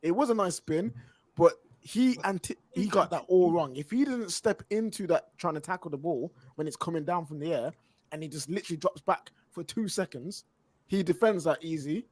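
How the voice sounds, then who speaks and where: Man, football pundit, high voice, slangy and animated, dry close sound. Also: normal speed, husky, no echo. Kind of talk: casual chat.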